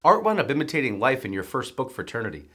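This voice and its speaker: Brisk husky male interviewer. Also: mid-range voice, sing-song, pushed and bright. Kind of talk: interview questions.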